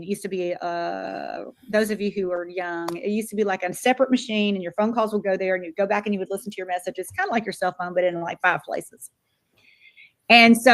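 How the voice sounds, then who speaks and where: An older woman from Florida giving a motivational speech as a sales director, acting out quoted dialogue. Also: medium pitch. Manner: animated, acts out quoted dialogue.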